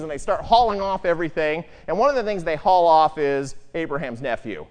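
Animated Bible teacher in a reverberant hall. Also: mid-range voice. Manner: animated, asks the listeners rhetorical questions.

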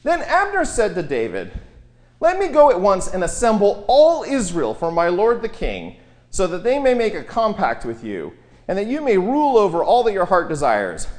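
A man giving an informal, wry Bible lecture, telling the story in a lively way and quoting the characters. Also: sits high, normal speed.

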